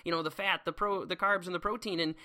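Hyped-up science teacher guy rambling on his own, kinda high bright voice. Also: fast. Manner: excitable and enthusiastic, rambling with restarts. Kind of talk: casual solo monologue.

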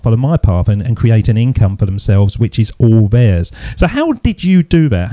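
A man's voice: fairly low pitch, dark tone, dry recording. A middle-aged British man hosting a casual interview, playful and teasing. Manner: playful, teasing, quick asides. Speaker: podcast host.

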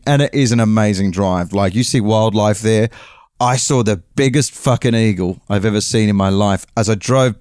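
A man's voice: on the low side, a little mellow, clear, resonant tone, no echo, clean studio sound. A man with an English accent telling a long, rambling story casually, with frequent swearing and self-corrections. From England.

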